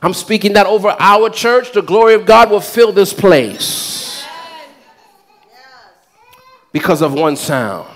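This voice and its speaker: Pastor, male, high voice, preaching with call-and-response and shouted peaks. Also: expressive, slow, long pauses. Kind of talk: sermon. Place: church.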